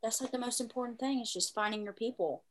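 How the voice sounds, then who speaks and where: A woman hosting a podcast in casual chat, talkative and quick to laugh, with lots of filler words. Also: a little high. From small town. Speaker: podcast host.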